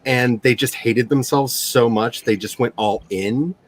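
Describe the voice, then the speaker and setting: A man's voice: medium pitch, unhurried, a little hiss or hum. A man from the Ozarks with a practiced Mid-Atlantic accent, chatting casually in a group video call and enunciating carefully. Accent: trained Mid-Atlantic American.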